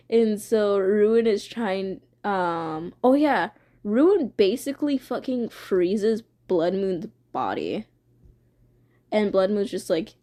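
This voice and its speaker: A woman's voice: medium pitch, slow pace, dark tone. Rambling, profane young woman streamer. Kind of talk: casual retelling of her own fanfic.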